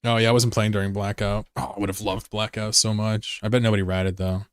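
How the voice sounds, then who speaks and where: A man's voice: lowish voice, flat delivery, fairly quick, clear, resonant tone, no echo, studio quality. A man from the United States rambling and joking casually as he chats with his live-stream viewers. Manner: joking, rambling, answers chat messages.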